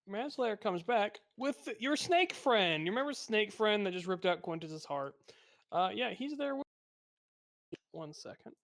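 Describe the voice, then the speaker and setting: A man's voice: sits high, fairly bright tone. A man narrating a tabletop game as game master, casual and a bit crude.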